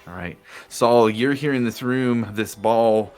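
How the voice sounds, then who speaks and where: A man's voice: mid-range voice, takes it slowly, darkish tone. A man narrating a tabletop game as game master, describing scenes loosely with fillers.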